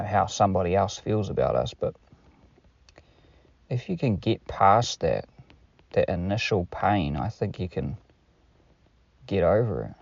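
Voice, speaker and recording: A man's voice: low voice, vocal fry, darkish tone, no room sound, muffled recording. A man talking casually to camera in a rambling monologue, swearing freely and using many fillers. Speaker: vlogger.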